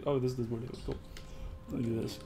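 A young man co-hosting a gaming video, telling stories with lots of swearing and loud laughter. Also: mid-range voice, fairly even intonation, fast, slight background noise. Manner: profane, storytelling, loud laughing outbursts. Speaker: gaming co-host. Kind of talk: casual gaming chat.

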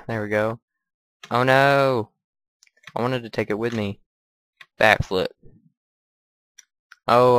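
A man's voice: fairly low pitch, fairly bright tone, smooth, dry recording. A man giving crude, profane let's play commentary while gaming. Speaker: gamer.

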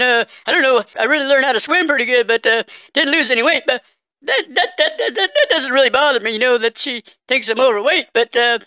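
A man putting on a dim-witted, heartbroken caller in a prank phone call comedy bit, halting and stammering through endless fillers. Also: extremely high pitch, pushed and bright, no echo, exaggerated voice.

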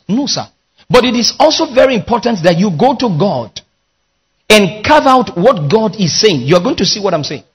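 A man preaches with a raised, husky voice. He works as a pastor, leading his congregation through call-and-response lines. His delivery is emphatic. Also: high voice. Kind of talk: sermon.

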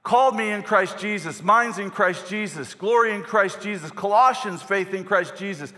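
Man, pastor, sermon, animated repetitive emphasis, bright high voice, reverberant church hall. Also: normal speed. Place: church stage.

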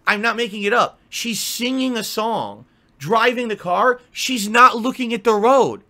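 A man telling an exasperated, profane story in an animated rant. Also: high-pitched, unhurried. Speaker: vlogger. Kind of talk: ranting storytelling.

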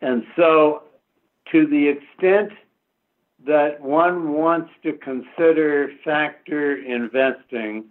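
A man from the United States, an economist guest answering interview questions in a measured way, pausing often on fillers. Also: a little high. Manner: measured, with frequent filler pauses. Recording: tinny phone-like line.

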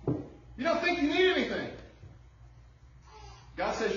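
A man's voice: high-pitched, expressive, normal speed, pauses often, a bit bright, a little hiss or hum. A man preaching an emphatic sermon as pastor, firing off rhetorical questions to the congregation. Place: church sanctuary. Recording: distant, muffled, very echoey room.

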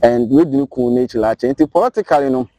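A Ghanaian man speaking as a guest on a political talk show, telling stories in an animated way. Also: medium pitch, a little fast, no room sound. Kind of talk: casual political chat, mixing Twi and English.

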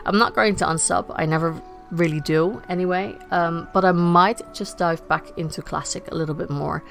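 Woman podcast host, non-native English speaker, lowish voice, chatty and laughing, soft music under her. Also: steady tone, normal speed, gravelly. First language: not English. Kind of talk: casual podcast chat.

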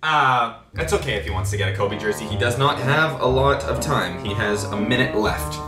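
A young man giving live, excitable reaction commentary as a vlogger, panicking and laughing at what he watches. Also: mid-range voice, normal speed, echoey room, over music. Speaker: YouTuber.

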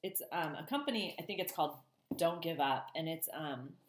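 A woman's voice: sits low, expressive, normal speed, echoey room. A woman teacher reading a children's novel aloud to her class and chatting to them, with a chatty manner and frequent ums. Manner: warm, chatty, many ums.

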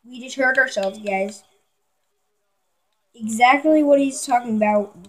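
A woman giving excitable live commentary on a football video game, talking to her viewers and yelling at big plays. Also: on the high side, unhurried, rough recording. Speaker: gamer.

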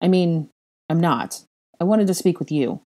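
A woman's voice: on the low side, expressive, normal speed, dark tone, close to an everyday voice. A woman reading as a stiff, guarded young wizard.

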